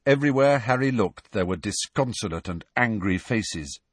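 A man reads a story aloud in a low, husky voice with a lively, expressive lilt. The sound is close and dry, with no room around it. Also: moderate pace, dry recording. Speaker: audiobook narrator. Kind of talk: scripted narration.

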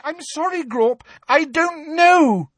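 A man's voice: animated, slow, fairly bright tone, dry recording, full character voice. A man putting on a frightened teenage girl. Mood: terrified. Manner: high, strained and trembling.

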